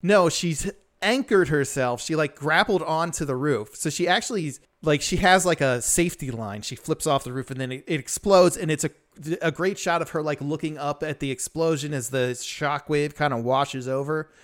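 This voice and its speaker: A man with a slightly higher-than-average voice recaps an anime episode on a podcast. He talks loosely and eagerly, trips over his own sentences and piles on "like" as he goes. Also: moderate pace, few pauses. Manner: excited, rambling, heavy on 'like' and restarts. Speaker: podcast co-host.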